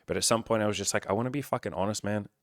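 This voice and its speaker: A man's voice: fairly low pitch, very fast, no room sound, clean studio sound. A young man talking casually to camera as a dating coach, candid and full of swearing and filler words.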